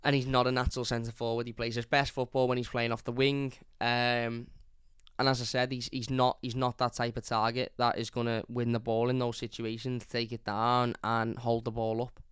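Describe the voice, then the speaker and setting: A man's voice: medium pitch, little pitch movement, normal speed, a bit bright, clean tone, dry recording, studio quality. A young man, hosting a fan channel and reviewing a match live, blunt and opinionated, reading out chat comments. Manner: blunt, opinionated, repeats points.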